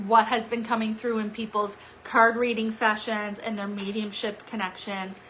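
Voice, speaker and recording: A woman's voice: on the high side, bright, forceful tone, slight background noise, rough recording. A middle-aged woman, a psychic medium, giving a live weekly card-reading forecast in an upbeat, emphatic, encouraging way, often checking in with "okay?" and "right?". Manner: upbeat, emphatic, encouraging, talks straight to viewers. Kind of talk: live-streamed casual forecast talk.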